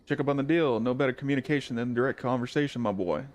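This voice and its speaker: A man voicing a courteous upper-class British gentleman in a deliberately hammy put-on accent during a game stream. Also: on the high side, steady tone, clear, resonant tone, close to an everyday voice. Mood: pompous. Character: posh courteous British gentleman, male adult.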